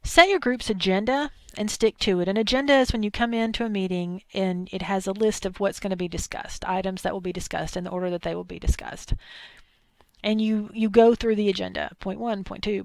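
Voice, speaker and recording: A woman's voice: medium pitch, gravelly, dry recording. Chatty Southern woman lecturing. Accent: thick Southern US. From Arkansas, US South. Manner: chatty, digressive, with asides and acted-out quotes. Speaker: instructor. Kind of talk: recorded lecture.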